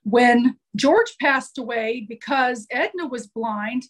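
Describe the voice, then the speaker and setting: A woman with a high voice recounts her experiences as a nurse in an earnest, heartfelt way. She talks conversationally and often stops to restart a sentence. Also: lively intonation, slow, poor audio. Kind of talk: conversational storytelling.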